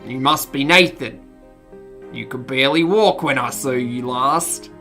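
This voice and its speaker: Hearty old pirate type, theatrical and growly, slow delivery, done by a streamer. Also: medium pitch, sharp tone, faint music behind. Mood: warm greeting. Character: hearty older man with a pirate voice.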